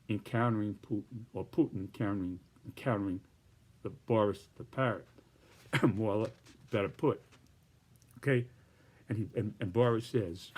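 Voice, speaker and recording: A man's voice: fairly low pitch, a little mellow. A man presenting his political cartoons in casual, rambling commentary with many restarts and hedges.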